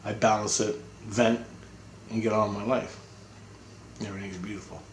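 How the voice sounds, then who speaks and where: A man's voice: lowish voice, flat delivery, moderate pace, roomy sound, a little hiss or hum. A man giving a casual, rambling video update, talking bluntly and swearing freely. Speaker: spiritual vlogger.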